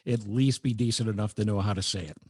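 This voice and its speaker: A man's voice: fairly low pitch, quick pace, slightly rough, no room sound, clean studio sound. A man hosting a podcast, chatting casually and joking wryly with his co-host. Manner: wry, joking, lively delivery. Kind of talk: casual chat.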